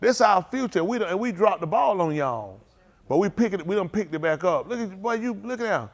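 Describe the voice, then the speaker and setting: High-voiced man greeting livestream viewers. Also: lively intonation, fairly quick. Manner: joking, teasing, calls out names. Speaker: congregation leader greeting viewers.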